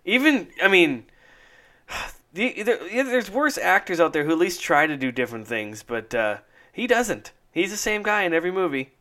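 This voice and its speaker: A man's voice: sits high, sing-song, moderate pace, a bit bright. A man co-hosting a podcast in loose, casual chat, rambling with fillers and laughing often. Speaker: podcast co-host.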